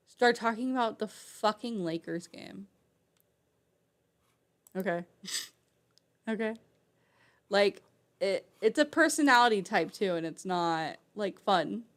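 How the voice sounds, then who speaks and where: A woman's voice: medium pitch, a bit bright. A woman streamer giving casual commentary, rambling, with lots of fillers and swearing. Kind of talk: casual commentary while reading an article aloud.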